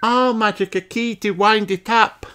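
A man voicing a little fairy princess girl who speaks high and earnestly, for a storybook read-aloud. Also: fairly even intonation, a little slow, over loud music. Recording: loud background noise.

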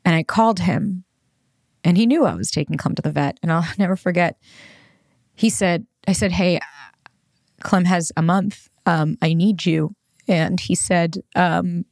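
A woman's voice: on the low side, unhurried, creaky, darkish tone, no echo, studio quality. Blunt, swearing woman podcast host. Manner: blunt, emotional, swears freely. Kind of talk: candid personal monologue.

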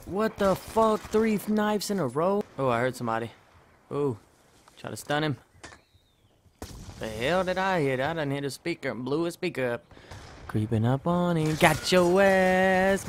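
A man giving excitable gameplay commentary, cursing and talking to himself as he plays. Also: a little high, moderate pace, long pauses, slight background noise. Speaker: gamer making a trolling video.

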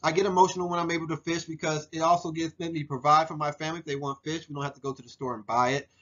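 A man in his forties talks through a slideshow of personal photos for a class. His voice sits a little high for a man, and he speaks earnestly, with plenty of ums and restarts. The recording is dull and lo-fi. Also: level tone, rapid-fire, fairly bright tone. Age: 40s. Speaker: student presenter. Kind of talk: narrated photo slideshow presentation.

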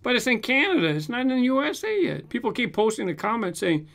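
A man's voice: very high-pitched, very animated, quick pace, vocal fry, a bit bright. A man hosting a casual show, reading out viewer comments and chatting about them. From United States. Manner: reads comments aloud, chatty with restarts and fillers. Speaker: host answering viewer comments. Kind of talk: casual chat.

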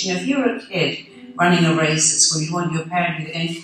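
A woman's voice: low-pitched, steady tone, a little fast, slight background noise. A woman giving an earnest, encouraging motivational talk, acting out the voices she quotes. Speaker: motivational speaker. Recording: echoey room, distant mic.

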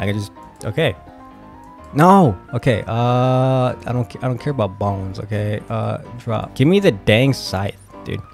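A young man hosting a gaming video chats casually as he plays, flustered and excitable, frequently exclaiming and swearing. His voice is medium-pitched.

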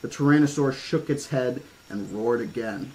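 A man's voice: medium pitch, normal speed, darkish tone, slight background noise, low-quality recording. A man reading a horror-themed novel aloud, stopping now and then for casual asides and restarts. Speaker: audiobook reader.

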